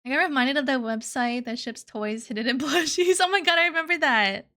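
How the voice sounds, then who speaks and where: A young woman streamer chatting playfully with her live chat, giggly and cutesy. Her voice sits high and sounds bright and sharp. She drifts into baby talk and reads messages aloud between laughs. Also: fairly quick. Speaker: VTuber streamer.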